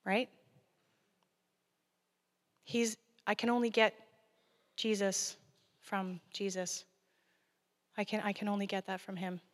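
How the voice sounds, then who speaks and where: A woman's voice: medium pitch, fairly even intonation, slow, pauses often. A woman preaching a guest sermon in an earnest, conversational way. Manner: earnest, conversational, laughing at times. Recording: long hall reverb.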